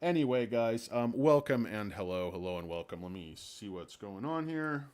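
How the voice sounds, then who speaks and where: A man's voice: on the low side, lively intonation, moderate pace, a little mellow, clean tone. A man hosting a casual stock market livestream, rambling and sarcastic, with crude jokes and lots of fillers.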